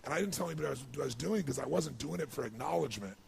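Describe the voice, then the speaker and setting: A man speaks to an audience in a deeply gravelly, rough voice. He tells his story with feeling and swings up into excited, loud stretches. Faint ambient noise sits under the recording. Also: rapid-fire. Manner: emotional storytelling, builds to excited highs. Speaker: motivational speaker. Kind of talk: speech to an audience.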